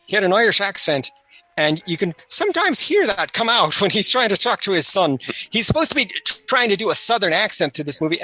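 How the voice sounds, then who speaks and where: A chatty host narrates a commentary track over an old movie, casually swapping anecdotes and bits of trivia. He has a somewhat high voice with a bright, forward quality.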